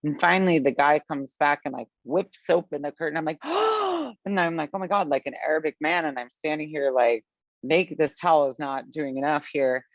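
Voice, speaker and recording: A woman from the Midwest, a podcast guest telling a long story in a chatty, animated way, full of fillers and acted-out quotes. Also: low voice, a little fast, vocal fry, dry recording. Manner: animated, chatty, filler-heavy, acts out her own past lines. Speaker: podcast guest, business founder. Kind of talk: storytelling in conversation. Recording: dull, lo-fi, dry sound.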